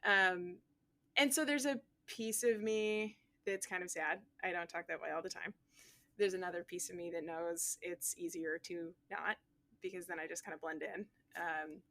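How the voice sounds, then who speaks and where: Nova scotian woman teacher, low-ish but bright voice, candid and reflective, lots of ums. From South Shore of Nova Scotia, Canada. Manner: thoughtful, candid, with frequent "um". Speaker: physics teacher, interviewee. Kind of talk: reflective interview answer.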